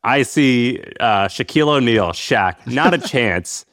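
A man's voice: medium pitch, lively intonation, fairly bright tone, dry recording. Teasing podcast co-host man, dry mic. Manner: teasing, quick reactions and questions. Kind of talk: casual chat.

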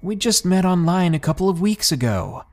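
A man voicing a frightened young woman who pleads in a strained, hushed way, in a horror story narration. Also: medium pitch, very animated, slow, faint music behind. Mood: pleading. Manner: pleading, strained, trying to stay quiet.

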